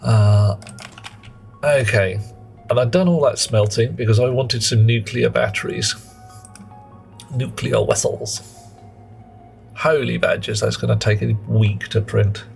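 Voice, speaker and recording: This British man live-streams a game, chatting playfully with viewers, greeting chat and musing aloud as he plays. His mid-range voice keeps a steady, slightly mellow tone with vocal fry, unhurried and full of pauses, while faint music plays behind him.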